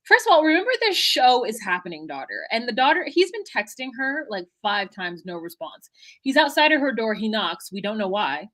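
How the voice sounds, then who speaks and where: A young woman co-hosting a podcast, recapping a reality show in animated, blunt casual chat and acting out what people said. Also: fairly high pitch, a little fast. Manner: animated, blunt and swearing, acts out quotes. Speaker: podcast co-host.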